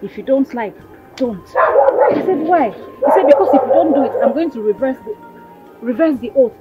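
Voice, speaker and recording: A woman's voice: high voice, expressive, normal speed. An actress with a Nigerian accent playing an angry, frustrated young village woman, exclaiming, in a dull lo-fi film recording with music. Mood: upset. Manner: agitated, exclaiming. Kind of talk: film drama acting.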